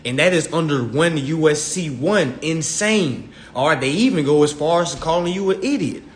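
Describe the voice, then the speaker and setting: A man's voice: a little high, lively intonation, moderate pace. Blunt profane man ranting on a live. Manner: blunt, profane, preachy, quotes imagined dialogue. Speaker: social media live host. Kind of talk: unscripted livestream rant.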